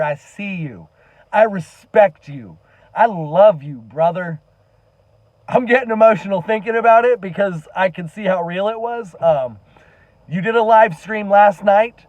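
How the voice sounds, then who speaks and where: A man's voice: sits high, darkish tone, no room sound, dull audio. A man giving an earnest, impassioned monologue to camera as a commentary vlogger, emphatic and swearing now and then.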